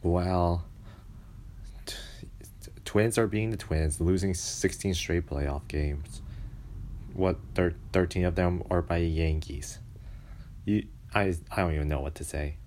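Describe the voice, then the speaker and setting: A man with an extremely deep, low voice rants casually about baseball. He sounds exasperated and mocking, complaining at length. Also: takes it slowly, long pauses, darkish tone, slight background noise. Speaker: baseball fan commentator. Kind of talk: casual sports rant.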